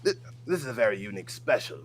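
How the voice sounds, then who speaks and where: A man putting on a pompous, stuffy fancy gentleman with overly formal, mock-posh diction as a comedy bit on a livestream. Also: a little high, huge pitch swings, fast talker, slight background noise, exaggerated voice.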